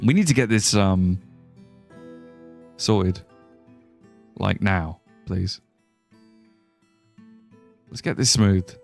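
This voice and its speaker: A man's voice: mid-range voice, a bit bright. A young man with an English accent, chatting casually with viewers on a live gameplay stream, swearing and laughing often. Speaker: livestreamer. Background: faint guitar music.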